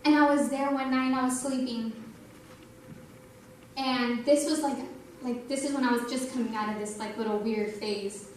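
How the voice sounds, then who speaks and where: A woman's voice: high voice, fairly even intonation, normal speed. Young woman preaching in an echoey hall. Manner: earnest, storytelling, says "like" a lot. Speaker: youth speaker. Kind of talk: sermon testimony. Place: church hall. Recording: echoey church hall, mic from a distance, faint noise.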